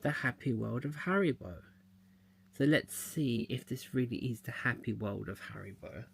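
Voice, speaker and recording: A man's voice: medium pitch, normal speed, gravelly, slightly rough. A man chatting casually as he unboxes a mystery box, thinking aloud as he handles the packaging. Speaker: unboxing vlogger.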